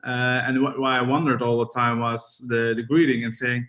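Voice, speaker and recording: A man's voice: mid-range voice, flat delivery, moderate pace, a bit bright. A man from the Netherlands with a Dutch accent, a podcast guest speaking hesitantly with many fillers. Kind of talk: casual podcast interview.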